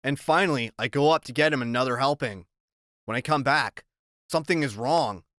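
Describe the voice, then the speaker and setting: Man, audiobook narrator, conversational first-person storytelling, mid pitch, dry close recording. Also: brisk, a bit bright, dry recording.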